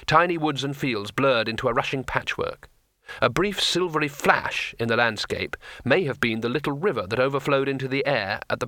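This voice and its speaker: A man narrates a comic fantasy audiobook with a bright, forceful voice. His storytelling is expressive and crisp, with a dry, close sound and no room around it. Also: medium pitch, no room sound. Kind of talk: audiobook reading.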